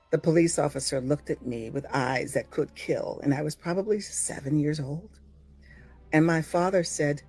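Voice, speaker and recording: An older American actress giving a blunt, profane, impassioned monologue to her followers, swinging from low murmurs to loud exclamations. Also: normal speed, slightly rough, soft background music. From United States.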